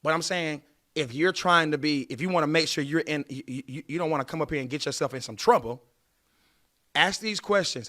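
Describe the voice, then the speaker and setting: Man in his late thirties, high voice, bright tense tone, preachy advice, talks right at listeners. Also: fairly quick. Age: late 30s. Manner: animated, preachy, addresses listeners directly. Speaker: podcast host giving dating advice. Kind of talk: casual advice monologue.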